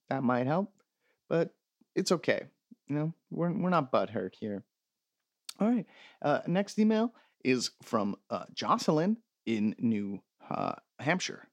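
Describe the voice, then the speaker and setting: A man's voice: medium pitch, big pitch swings, slow pace, dry recording. A man hosting a comedy podcast, reading listener emails aloud and answering them with sarcastic, profane mock rants. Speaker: podcast host.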